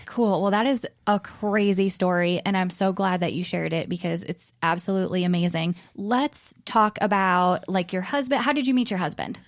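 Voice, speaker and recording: A woman in her thirties from South Dakota hosting a podcast, friendly and quick to laugh as she chats with her guest. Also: on the low side, fairly even intonation, dry recording, studio quality. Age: 30s. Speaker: podcast host. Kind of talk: casual interview chat.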